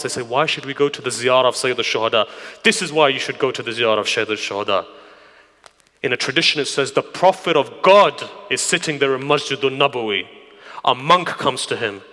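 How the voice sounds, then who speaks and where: Man, preacher, sermon storytelling, hushed whispers to loud emphasis, tense bright tone, long reverb. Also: mid-range voice. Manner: dramatic, drops to hushed whispers then rises to loud emphasis.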